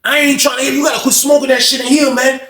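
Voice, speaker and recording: A man voicing a fed-up male cellmate who scolds loudly. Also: extremely high pitch, flat delivery, very fast, roomy sound, voice pushed up, heavily acted. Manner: loud and scolding.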